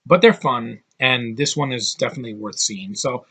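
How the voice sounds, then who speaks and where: A man's voice: mid-range voice, normal speed, bright, forceful tone, husky. A man giving a casual spoken film review, rambling with lots of fillers and restarts, sounding tired. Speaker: movie reviewer.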